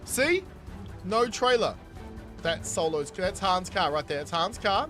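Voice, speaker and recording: Kiwi male streamer, high bright voice, chatty chat-reader, faint music under. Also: expressive, measured pace. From New Zealand. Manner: reads chat aloud and riffs on it, laughing often. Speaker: gaming streamer. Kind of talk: casual live-stream chat.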